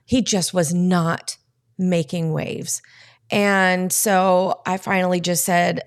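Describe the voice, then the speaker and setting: A woman guest on a podcast, telling a personal story in a casual, lively way and acting out the quoted dialogue. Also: lowish voice, slow, clean tone.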